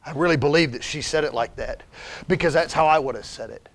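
A middle-aged male pastor with a notably high voice delivers a heartfelt sermon. He speaks personally and emphatically, dropping to near-whispers before rising to forceful emphasis. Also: fast talker. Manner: emphatic, personal, swings between hushed and shouted.

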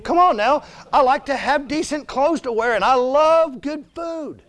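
Man, high voice, emphatic conversational church sermon from a visiting missionary preacher. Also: a little slow, a bit bright. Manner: emphatic, conversational, keeps urging "listen" and "come on now". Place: church sanctuary.

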